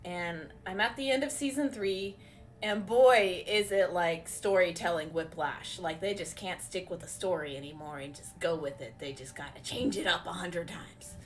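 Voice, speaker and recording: A woman live streamer chatting casually with her viewers while beading, excitable and laughing often. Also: lowish voice, normal speed, faint music behind. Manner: giggly, excitable, frequently laughing.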